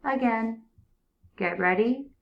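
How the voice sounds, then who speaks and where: Woman, early reading teacher, slow and clear repetitive prompting, dull lo-fi sound. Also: a little high, noisy background. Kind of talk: early reading lesson for young students.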